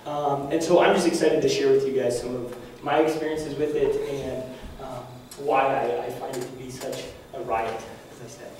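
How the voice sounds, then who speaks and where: A young man giving a lively talk to a parish group, animated, laughing often and full of fillers, with a voice that is going hoarse. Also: mid-range voice, normal speed. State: losing his voice. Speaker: parish speaker. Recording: echoey hall from far off, faint noise.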